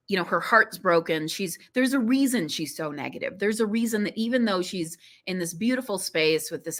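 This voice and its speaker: A woman tells a personal story as a podcast guest. Her voice is somewhat low, with a bright, forceful tone. She speaks animatedly and emotionally, and peppers her talk with "you know".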